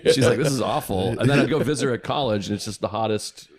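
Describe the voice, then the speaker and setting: A man's voice: medium pitch, racing, a loud crowd. Man telling self-deprecating stories. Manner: self-deprecating anecdotes with animated quoted voices. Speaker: podcast co-host. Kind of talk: casual chat.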